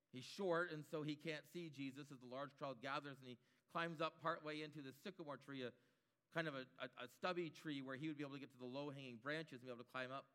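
Man, preacher, sermon, high voice, emphatic repetitive cadence. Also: pushed and bright, big-room sound.

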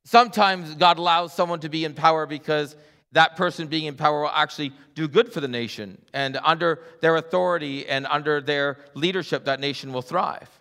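A middle-aged man preaching a sermon as a pastor, animated and acting out voices in his stories. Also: a little high, a little fast, vocal fry. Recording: long hall reverb.

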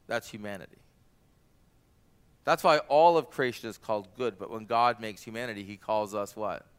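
Guy preaching a sermon, super clear voice, gets loud and fired up on the quotes. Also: on the low side. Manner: animated, rises loud for quoted cries. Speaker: pastor.

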